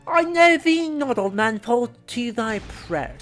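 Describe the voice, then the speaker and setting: A woman's voice: fairly high pitch, animated, slow pace, soft background music, pitched above the performer's own voice. A woman voicing a theatrical older male playwright with a put-on Cockney accent and a grandiose, old-fashioned manner.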